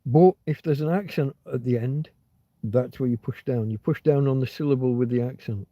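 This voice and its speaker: A man's voice: medium pitch, normal speed, no room sound. A man hosting a casual livestream, rambling and digressing as he chats. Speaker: livestream host. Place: outdoors in a field. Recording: dull lo-fi dry sound.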